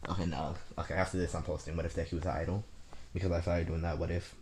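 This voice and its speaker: A man's voice: low voice, level tone, racing, background noise. A man rambling through an unscripted fan story, stammering, restarting and cursing casually.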